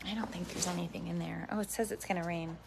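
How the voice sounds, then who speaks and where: A woman, a parenting vlogger, chats casually to her phone camera in her yard and exclaims at her dog. Her voice is lowish with vocal fry and fairly even intonation, and she talks fast. There's background noise.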